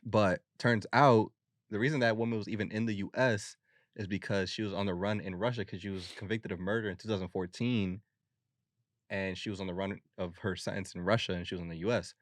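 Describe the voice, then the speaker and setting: A man's voice: fairly low pitch, steady tone, fairly quick, dry recording, clean studio sound. A man co-hosting a podcast, recapping odd news stories in a loose, slangy way with lots of fillers. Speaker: podcast co-host. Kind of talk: casual chat.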